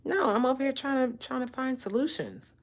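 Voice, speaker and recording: A woman's voice: high-pitched, a little fast. A woman vlogger talking casually to camera, blunt and emphatic, often doubling words as she gets fired up. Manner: blunt, emphatic, exasperated ranting; repeats words when fired up. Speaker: vlogger giving relationship talk.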